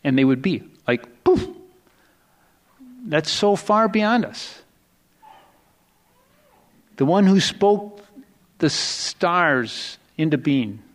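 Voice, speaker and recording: A man's voice: slow, long pauses. Conversational male pastor preaching a sermon. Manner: conversational, rambling with restarts and self-corrections; swings between hushed low asides and rising excited emphasis.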